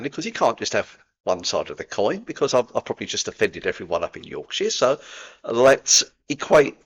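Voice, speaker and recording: A man's voice: medium pitch, a bit bright, dull audio. A man from London with a Cockney accent, talking casually to camera in a chatty, rambling way with frequent laughs. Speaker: spiritual vlogger.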